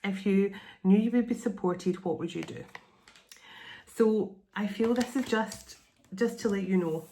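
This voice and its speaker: A woman's voice: mid-range voice, unhurried, dark tone, a little hiss or hum. A middle-aged woman giving a channeled spiritual card reading, meandering and repeating phrases in an earnest, reassuring way. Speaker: tarot and oracle card reader.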